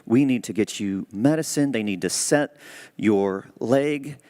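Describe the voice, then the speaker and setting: A worried wife pressing her stubborn husband to get to the hospital, done by a man. She speaks urgently and a little higher. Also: a little slow, warm tone, lightly acted. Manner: insistent, urgent.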